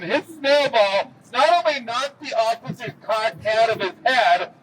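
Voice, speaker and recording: High-voiced male tour guide outdoors. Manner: lively storyteller with dry jokes. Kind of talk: storytelling historical tour talk. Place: outdoors in a city square. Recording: distant camera mic, faint street noise.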